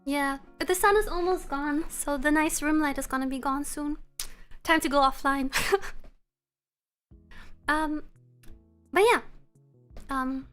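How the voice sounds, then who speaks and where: A woman streamer chatting casually with her viewers. She is relaxed and laughs often. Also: high voice. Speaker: live streamer. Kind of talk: casual live-stream chat. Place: room at home.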